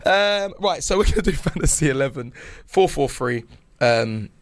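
A man's voice: on the high side, expressive, normal speed, no echo. A British man co-hosting a football podcast in a studio, laughing often and tripping over his words in casual banter. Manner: laughs often, stammering restarts. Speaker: podcast co-host.

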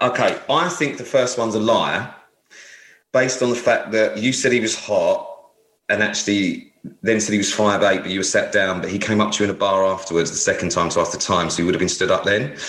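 A man with a lowish voice co-hosts a casual podcast and teases his co-host. He builds his case step by step in a deadpan way. The sound is roomy and echoey. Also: brisk. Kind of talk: casual chat, playful questioning.

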